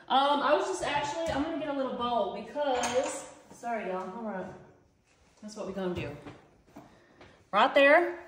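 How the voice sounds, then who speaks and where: A woman's voice: fairly high pitch, slight background noise. Chatty woman in an echoey kitchen. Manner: chatty, addresses viewers as y'all. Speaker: cooking channel host. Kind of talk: casual cooking vlog.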